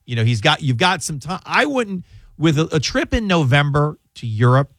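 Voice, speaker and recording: A man's voice: fairly high pitch, big pitch swings, normal speed, a bit bright, no room sound. Brief: middle-aged male radio host, loose rambling advice, fillers, dry close studio mic. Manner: rambling, repeats words, many fillers. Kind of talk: casual call-in advice.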